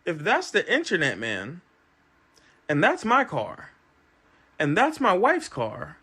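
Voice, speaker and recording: Man, casual storyteller, swooping animated pitch, acts out every quote. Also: a little slow.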